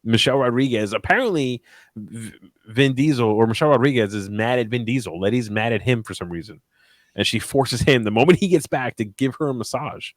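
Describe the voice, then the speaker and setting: A man co-hosting a podcast, chatting casually and jokingly about a movie, animated and swearing now and then. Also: mid-range voice, a little fast, dry recording. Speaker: podcast co-host. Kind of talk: casual movie review chat.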